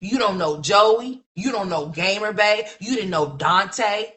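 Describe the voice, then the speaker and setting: A woman's voice: mid-range voice, a little slow, fairly bright tone. A woman hosting a livestream, ranting in a blunt, mocking, profane gossip commentary full of rhetorical questions.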